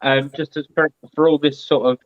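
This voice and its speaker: Chatty guy on a video call, slightly high voice, muffled lo-fi audio. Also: moderate pace, dry recording. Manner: chatty and animated. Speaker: guest. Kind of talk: casual live-stream chat.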